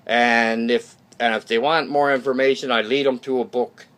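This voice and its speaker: A man of ordinary pitch gives a loose, unscripted talk to his viewers. He is blunt and opinionated and swears now and then. He rambles, restarts his sentences and keeps asking "okay?" to check in. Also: fairly even intonation, normal speed, fairly bright tone, clear, resonant tone. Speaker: YouTube channel host. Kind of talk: casual unscripted monologue.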